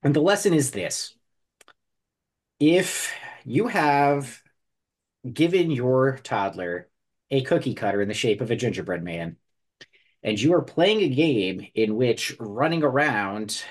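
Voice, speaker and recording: A man's voice: medium pitch, expressive, slow pace, husky. A man co-hosting a casual podcast, telling a story in a mock-solemn way. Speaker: podcast co-host. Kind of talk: casual chat.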